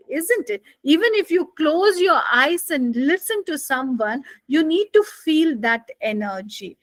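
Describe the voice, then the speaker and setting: A woman's voice: high-pitched, no room sound. A woman with an Indian English accent teaching a live speaking class, her voice rising and falling on purpose as she asks "isn't it?" again and again. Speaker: IELTS speaking instructor. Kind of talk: live online class lecture.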